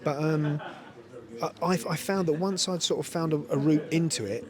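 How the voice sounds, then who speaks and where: A man's voice: on the high side, fairly even intonation, normal speed, a crowd in the background. A man in his fifties, a lead actor chatting casually in an interview, rambling and full of "you know" and laughter. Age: 50s. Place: busy event venue at a screening.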